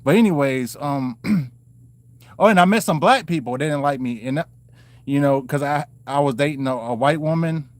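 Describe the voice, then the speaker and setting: A man's voice: a little high, moderate pace, no room sound. A man telling his own life story to the camera in a loose, rambling way, full of "you know" fillers and restarts. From Maryland and North Carolina, US.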